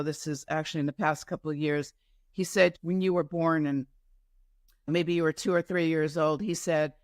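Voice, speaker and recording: A woman's voice: fairly low pitch, dry recording. Woman telling meandering stories, dry sound. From New York. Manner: meandering, with frequent asides and self-corrections. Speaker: guest entrepreneur. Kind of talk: casual interview storytelling.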